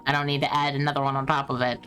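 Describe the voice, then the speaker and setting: A woman talks as a tabletop game player, plain and matter-of-fact. Her voice is low. Soft music plays in the background. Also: flat delivery, rapid-fire. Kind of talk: casual tabletop role-play.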